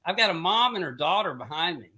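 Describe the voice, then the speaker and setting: A middle-aged man with a bright, ringing voice spins a casual anecdote as a podcast co-host. His pitch swoops all over as he tells the story, and he breaks into laughter at his own tale. His voice sits a little higher than most men's. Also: quick pace, slightly rough. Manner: animated storyteller who laughs through his own stories and mimics others' voices.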